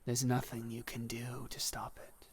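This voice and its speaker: Brief: man performs a sorrowful whispering Death for a tabletop game, whispered role-play, rough and low. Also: monotone, unhurried, slight background noise, close to an everyday voice. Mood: pitying. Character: Death, a somber, patient male reaper.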